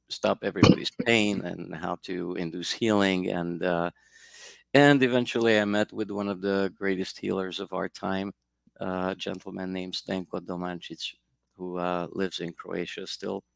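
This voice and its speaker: A man with a very deep, gravelly voice answers interview questions. He tells his story in a reflective, meandering way. His voice sounds dry and close, with no room echo. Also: fairly even intonation, moderate pace. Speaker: guest, energy healer.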